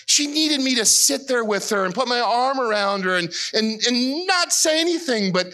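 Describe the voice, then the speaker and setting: A middle-aged man preaching a sermon as pastor, earnest and emotional, his voice climbing high as he is moved. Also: animated, normal speed, sharp tone.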